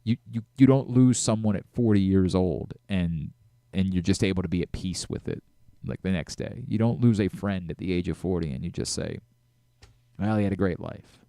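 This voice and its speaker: A middle-aged man hosting a sports radio talk show, talking in an animated way with frequent restarts and self-corrections. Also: low voice, moderate pace, creaky, no room sound, studio quality.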